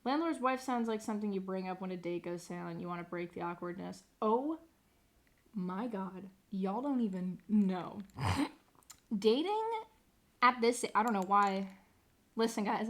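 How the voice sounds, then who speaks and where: A woman's voice: medium pitch, normal speed. A young woman streamer chatting casually, rambling, sarcastic and swearing freely. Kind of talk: casual live-stream chat.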